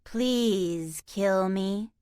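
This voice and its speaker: A woman's voice: mid-range voice, drawn-out words, a little mellow, clear, resonant tone, dry recording, studio quality. A woman voicing eerie monster cats that parrot words back in wispy, scratchy voices. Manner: parroting, overlapping chatter.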